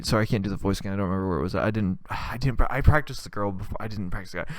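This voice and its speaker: A man's voice: lowish voice, fast, hardly any pauses, clear, resonant tone, no echo, studio quality. Rambling crude male comedy podcaster. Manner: rambling, crude, animated storytelling. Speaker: podcast host. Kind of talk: comedic monologue.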